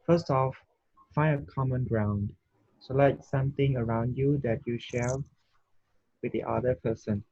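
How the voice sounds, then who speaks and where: A man reads a textbook passage aloud in an online English lesson, carefully and with a few restarts. His voice is husky, and the sound is dull and lo-fi. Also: medium pitch, steady tone, unhurried, dark tone, no room sound. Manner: careful reading with small restarts. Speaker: student. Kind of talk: reading a text aloud in class. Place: video call.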